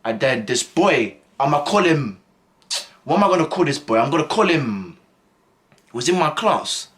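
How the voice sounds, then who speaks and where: A man's voice: on the high side, big pitch swings, moderate pace, fairly bright tone. A young man telling a school story in a casual, rambling way full of slang and fillers. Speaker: vlogger.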